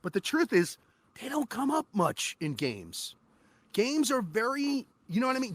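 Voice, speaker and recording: A man guesting on an interview podcast, a voice actor telling animated, profane stories about his work. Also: sits high, no room sound. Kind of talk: casual interview chat.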